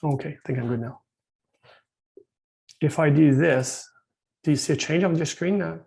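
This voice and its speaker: Quebec French-accented male presenter on a video call, gravelly and husky, halting with lots of ums. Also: a little high, a little mellow. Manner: hesitant, many fillers and restarts. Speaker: company founder presenting at an industry seminar. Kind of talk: webinar presentation.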